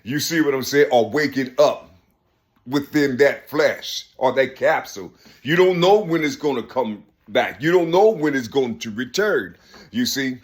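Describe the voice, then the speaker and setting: A man's voice: mid-range voice, animated, a little slow, husky. A man giving earnest, preachy advice in street slang, repeating "you see?" again and again. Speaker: speaker giving life advice. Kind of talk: informal spoken advice.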